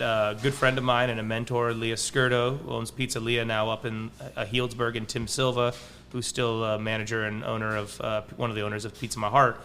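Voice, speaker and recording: A man's voice: on the low side, pushed and bright, a little hiss or hum. A man who owns a pizza restaurant, talking casually as a podcast guest in a rambling way, full of restarts and fillers. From Palo Alto, California. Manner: rambling, frequent likes and restarts.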